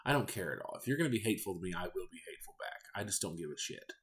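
A man with a fairly low voice tells offhand stories in a loose, rambling way. His pitch rises and falls a lot as he goes. He sounds deadpan and candid, a podcast host in his thirties. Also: racing. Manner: candid, rambling, deadpan about odd customers. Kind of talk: casual storytelling monologue.

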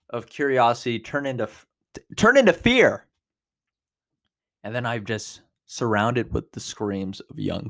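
A man in his twenties hosting a podcast, telling a personal story in a casual, animated way, with big jumps in pitch and loudness. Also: vocal fry. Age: 20s. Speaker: podcast host.

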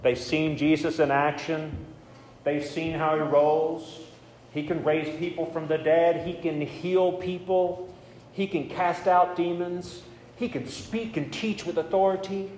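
A man's voice: fairly high pitch, fairly even intonation, unhurried, a little mellow. Man, pastor, casual joking sermon, roomy reverb, faint background noise. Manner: conversational, joking asides. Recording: echoey hall with faint noise.

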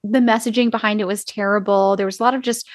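A woman's voice: medium pitch, fairly even intonation, fast talker, no echo, clean studio sound. A woman co-hosting a podcast, talking casually and bluntly, with lots of "like" and the odd swear word. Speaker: podcast co-host. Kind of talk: casual chat.

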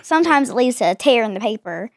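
A woman's voice: fairly high pitch, animated, fast, dry recording, clean studio sound. A young woman, a daughter co-hosting a family chat, talking animatedly and hesitantly with many fillers. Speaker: co-host, daughter.

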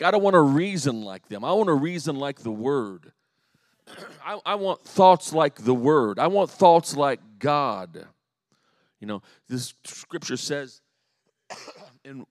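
A middle-aged man preaching a live sermon in church, earnest and loose, with frequent restarts and repeated words. His voice sits at an ordinary middle pitch, and the sound is dry and close. He rises loud on key points and drops quiet in asides. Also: dry recording. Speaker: pastor.

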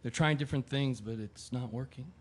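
A man doing a sick man, subdued, self-deprecating, quiet inner monologue. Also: mid-range voice, a little fast, natural voice. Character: ill young man, quietly guilty. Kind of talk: audio drama acting, inner monologue.

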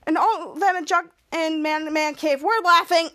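Podcast host, woman, very high voice, rambling casual recap. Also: pushed and bright. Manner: rambling, with frequent restarts.

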